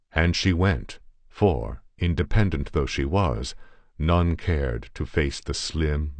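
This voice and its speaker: A man narrates a swashbuckling first-person tale with measured, dramatic pacing. His voice is extremely deep and recorded close and dry, with no room sound around it. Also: darkish tone, no room sound. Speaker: audiobook narrator.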